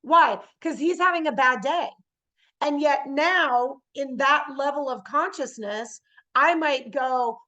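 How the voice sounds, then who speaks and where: A woman giving a motivational spiritual talk. She often checks in with her listeners by asking "yes?" and acts out everyday scenes in lively voices. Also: high voice, slow pace. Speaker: spiritual speaker.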